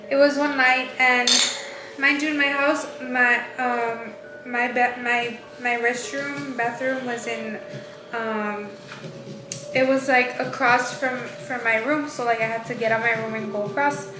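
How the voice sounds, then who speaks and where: Young woman, pretty high voice, lots of ums and restarts, roomy echo with noise behind. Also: steady tone. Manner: halting, many fillers and restarts. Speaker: vlog co-host. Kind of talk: casual storytelling. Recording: echoey room with clear background noise.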